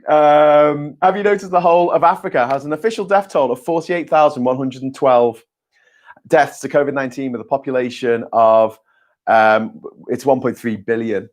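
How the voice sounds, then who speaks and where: A man hosting a loose live-stream chat, reading viewer comments aloud. He rambles and corrects himself mid-sentence, tosses in sarcastic jokes and casual swearing. His pitch sits in the middle range. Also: moderate pace. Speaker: host.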